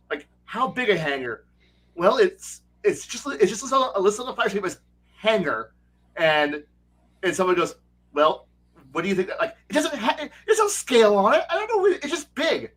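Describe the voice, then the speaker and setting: A man telling game master stories in casual livestream chat, excitable and rambling, with frequent swearing. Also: sits high, normal speed. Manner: excitable, rambling, profane storytelling. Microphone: streaming setup mic.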